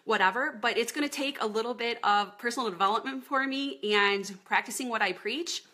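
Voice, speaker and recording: A woman's voice: on the high side, a little fast, sharp tone. A woman in her thirties, a fitness coach chatting casually on a live video from her home office, greeting viewers by name as she talks.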